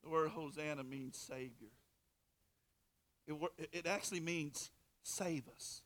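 Pastor, male, high bright voice, impassioned sermon delivery with loud and hushed swings. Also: fairly even intonation, normal speed. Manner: fervent, swings from soft to loud, repeats words.

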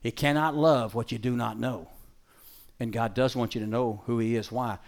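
A man preaching a live sermon before an audience, folksy and emphatic, switching between loud calls and quiet asides and giving brisk commands to a dog. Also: mid-range voice, fairly even intonation, creaky.

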